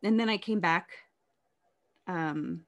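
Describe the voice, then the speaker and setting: A woman telling her life story in an interview, candid and reflective, often halting and restarting. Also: lowish voice, dull audio.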